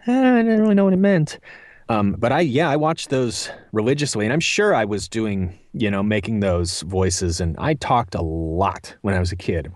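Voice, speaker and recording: A man's voice: deep voice, dry recording, clean studio sound. A man in his thirties, a voice actor answering interview questions in a rambling, self-deprecating way with many fillers. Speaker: voice actor guest. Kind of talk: casual interview chat.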